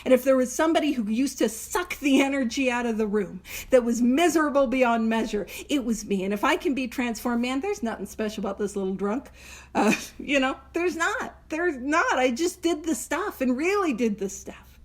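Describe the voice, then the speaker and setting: A woman's voice: high voice, lively intonation, normal speed. A woman hosting a recovery book study, talking in an earnest, emphatic, self-deprecating way. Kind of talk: casual teaching talk.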